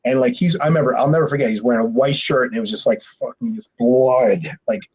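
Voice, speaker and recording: A man's voice: medium pitch, rapid-fire, creaky, husky, highs cut off. A man in his forties, a former pro wrestler and podcast guest, telling a rowdy story with swearing and acted-out dialogue. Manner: profane, animated, acts out quoted dialogue, restarts often. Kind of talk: casual storytelling.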